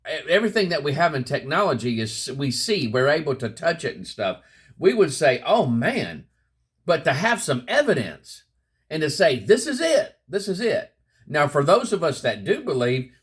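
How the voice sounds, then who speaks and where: A man with a husky, slightly breathy voice talks straight to his viewers in a relaxed, folksy Bible lesson. His pitch swings up and down freely. He repeats his points and keeps calling his audience "guys.". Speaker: Bible teaching channel host. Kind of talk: casual spoken Bible lesson to camera.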